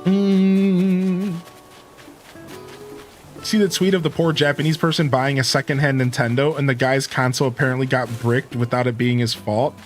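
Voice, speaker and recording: A man's voice: medium pitch, level tone, normal speed, faint music behind. A man hosting a live stream, giving an earnest, preachy rant to his viewers with casual slang. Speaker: Twitch streamer and host.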